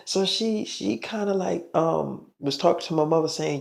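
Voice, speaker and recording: Rambling profane man with a gravelly voice. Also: a little high, normal speed, hardly any pauses. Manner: rambling, profane, full of fillers. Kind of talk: casual storytelling.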